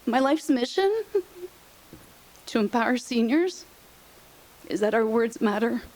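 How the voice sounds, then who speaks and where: In this heartfelt motivational talk, a middle-aged woman speaks about aging and senior housing, pressing her points emphatically, repeating them, and showing open emotion. Her voice sits fairly high with a lively intonation, a slightly darkish tone, and a somewhat slow pace.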